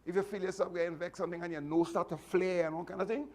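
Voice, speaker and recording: A man's voice: sits high, steady tone, quick pace, a little mellow. Earnest man giving fatherly advice. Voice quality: repetitive, earnest, with frequent restarts. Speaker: martial arts instructor. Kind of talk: motivational speech to students.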